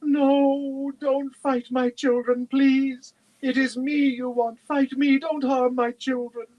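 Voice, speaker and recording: A man voicing a grieving female dragon who shrieks to protect her young, in a husky, high, loud voice. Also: level tone, slow pace, highs cut off. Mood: pleading.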